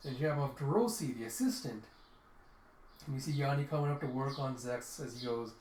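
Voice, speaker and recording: A man recounting a comic book in a chatty, loose, offhand way. His voice sits at a middle pitch. The room around him is echoey, with faint noise in the background. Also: brisk, a little mellow. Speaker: reader. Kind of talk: casual comic readthrough. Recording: roomy echo.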